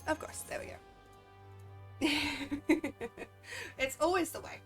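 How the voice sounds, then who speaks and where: A woman's voice: high voice, fairly even intonation, takes it slowly. Chatty Australian woman streaming a game. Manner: chatty, rambling, laughs often. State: sniffly, drowsy. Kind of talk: casual gameplay commentary. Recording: faint game music behind.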